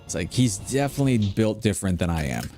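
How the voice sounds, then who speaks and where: Rambling low-voiced man commenting on gameplay. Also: very animated, quick pace, warm tone. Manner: rambling storyteller, lots of fillers. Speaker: gameplay streamer. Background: faint background music.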